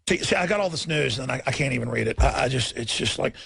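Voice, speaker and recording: A male radio talk show host delivering a fiery on-air rant, swinging from shouted outbursts to low muttering. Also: lively intonation, fast talker, gravelly, hardly any pauses, slightly rough, no room sound.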